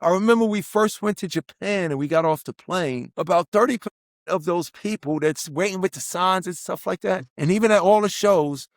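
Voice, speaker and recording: A man in his sixties with a notably high voice tells heartfelt stories as an interview guest. He acts out what others said and swings between quick bursts and slow, weighty phrases, recorded close and dry. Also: no room sound. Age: 60s. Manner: animated, acts out quotes, speeds up and slows down. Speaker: guest, veteran hip hop artist. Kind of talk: heartfelt storytelling in conversation.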